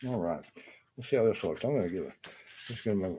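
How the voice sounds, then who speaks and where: A man's voice: on the low side, expressive, quick pace, darkish tone, a little hiss or hum. A man who works as a carpenter, ranting to camera in a profane, bitter and rambling way, full of restarts and asides. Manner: talks in loose restarts and asides. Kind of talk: casual rant to camera.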